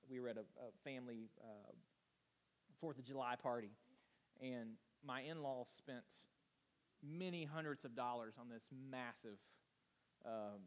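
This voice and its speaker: A man in his thirties, a pastor, preaching an earnest, rambling sermon told through family stories. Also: mid-range voice. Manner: earnest, rambling storytelling with restarts.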